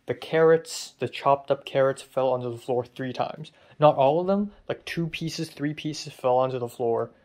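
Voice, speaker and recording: A man's voice: mid-range voice, normal speed, hardly any pauses, a little mellow. A young man talking straight to camera in a casual vlog, ranting with frustration and swearing freely. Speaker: vlogger.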